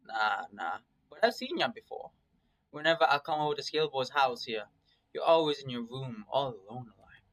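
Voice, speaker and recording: A man's voice: mid-range voice, animated, normal speed, fairly bright tone, poor audio. A man voicing a cocky, cheery male German shepherd in his thirties with a put-on Southern drawl, talking brash and crude. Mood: amused.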